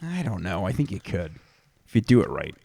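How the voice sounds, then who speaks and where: A man's voice: low voice, big pitch swings, a little fast, creaky, mellow, husky, no echo. A man from Canada co-hosting a comedy podcast, reading out facts and breaking off into crude jokes. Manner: reads facts aloud, then riffs with crude jokes. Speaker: podcast co-host presenting the research. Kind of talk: casual comedy podcast chat.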